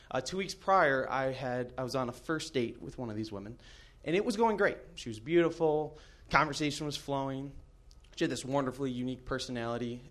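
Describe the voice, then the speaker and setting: A man with a voice of ordinary middle pitch tells a comic story from his own life on stage. He narrates at a measured pace and often pauses on an "uh" between phrases. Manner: measured narration with frequent "uh" fillers. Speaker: storyteller at a live storytelling show.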